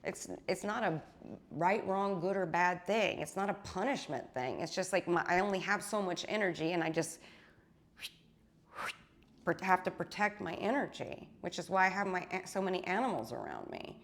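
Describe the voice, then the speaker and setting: Intense, blunt woman spiritual teacher. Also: fairly low pitch. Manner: intense, blunt, swears, frequent tag questions. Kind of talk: monologue to followers.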